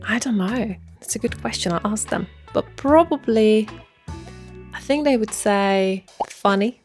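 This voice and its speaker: A woman's voice: medium pitch, unhurried, a little mellow, faint music behind. A woman from Hungary with a Hungarian accent, chatting casually and self-deprecatingly, with plenty of "like", in a get-to-know-me vlog. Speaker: vlogger.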